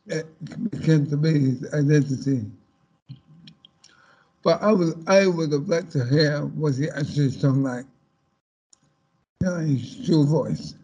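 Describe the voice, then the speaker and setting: Man on a panel, slow and halting, husky dark voice, kinda muffled recording. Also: a little high. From Caribbean heritage. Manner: slow and halting, with many restarts. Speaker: panel guest. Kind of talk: panel discussion.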